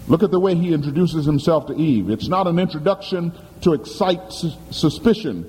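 A male preacher delivers a sermon with sweeping, lively pitch, swinging from high bursts to low, weighty phrases. His tone is mellow and dark, and he tells his story dramatically, firing questions at the congregation. A long church reverb trails every phrase, with a faint ambient hum beneath. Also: normal speed, few pauses. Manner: emphatic, dramatic storytelling with call-and-response questions. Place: church sanctuary.

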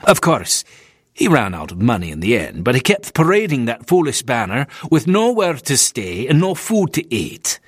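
A man's voice: mid-range voice, huge pitch swings, moderate pace, husky, no echo, studio quality. A man voicing a stiff, disapproving Methodist minister with a Scottish accent in an audiobook.

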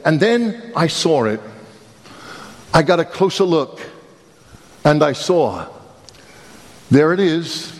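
A man's voice: a little high, animated, unhurried, pauses often. A man from Brooklyn preaching a sermon, with rhetorical questions and emphatic repetition. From Brooklyn, New York. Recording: long hall reverb.

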